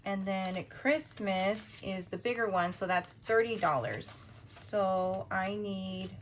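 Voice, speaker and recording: A woman in her thirties hosting a budgeting video, chatting casually while she counts cash out loud. Her voice is going a little hoarse. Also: medium pitch, slight background noise. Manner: chatty, counts money out loud, quick asides.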